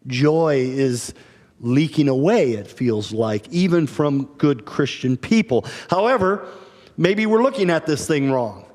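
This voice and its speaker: A man's voice: fairly high pitch, lively intonation, unhurried, a little mellow. A male pastor preaching a sermon, conversational and humorous, telling stories in a church. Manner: storytelling with acted voices, conversational and humorous. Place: church sanctuary. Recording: church hall reverb.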